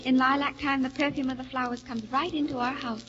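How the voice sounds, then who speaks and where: An actress plays a sweet, emotional young girl in a high, bright voice. The 1940s radio drama sounds muffled. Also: little pitch movement, brisk. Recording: muffled 1940 radio broadcast.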